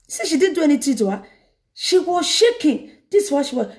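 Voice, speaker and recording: A woman evangelist preaching a lively sermon, telling a story dramatically. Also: high-pitched, fast talker. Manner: animated, laughing, dramatic retelling.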